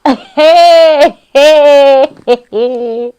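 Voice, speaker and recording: A young South African woman vlogging in a casual, excitable, giggly way, switching between languages. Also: sits high, drawn-out words. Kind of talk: casual vlog chat.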